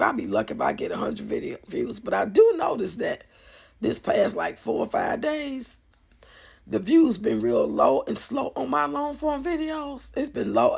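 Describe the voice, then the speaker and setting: A woman vlogger talking casually to her viewers, chatty and animated, swearing freely and laughing often. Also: on the high side, gravelly, breathy edge. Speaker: YouTube vlogger. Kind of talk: casual commentary vlog.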